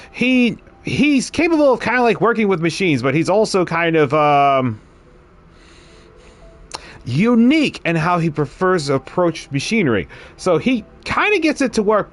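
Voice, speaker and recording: A male game streamer talking casually, his voice fairly high for a man and bouncing widely in pitch. He rambles and chuckles as he tells stories to his chat. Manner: rambling, chuckling, animated storytelling.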